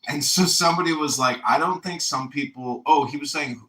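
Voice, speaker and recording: A man's voice: on the high side, brisk, pushed and bright, poor audio. An American man chatting casually over a phone, telling meandering stories and quoting other people. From United States. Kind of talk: casual chat.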